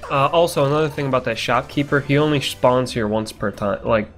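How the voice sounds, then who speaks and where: A man's voice: mid-range voice, fairly quick, a bit bright, faint music behind. A man giving casual, rambling let's-play commentary, swearing now and then and chuckling to himself. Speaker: gameplay commentator.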